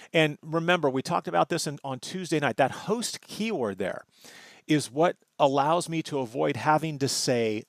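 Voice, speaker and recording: A man talks through a screen-recorded lesson as a networking instructor, explaining each step in an easygoing, conversational way. His mid-pitched voice has a gravelly edge. The recording is dry, with no room sound. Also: no room sound. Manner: conversational, explanatory, checks in with "right?". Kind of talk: screen-recorded tutorial walkthrough.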